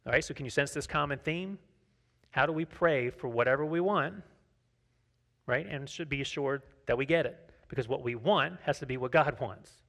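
A man's voice: medium pitch, fairly bright tone. A man preaching a sermon as pastor, conversational, often asking the congregation questions. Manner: tells personal anecdotes, acts out dialogue.

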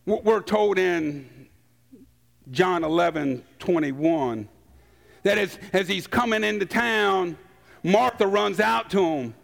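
A man preaching a sermon, emphatic, acting out quotes and pausing for effect. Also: on the high side, gravelly. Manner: emphatic, acts out quotes, dramatic pauses.

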